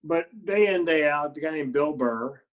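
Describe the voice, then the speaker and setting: A man being interviewed as a guest comedian, telling stories and acting out the quotes in higher voices. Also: moderate pace. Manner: animated storyteller who acts out quotes in higher voices. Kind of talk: casual interview storytelling.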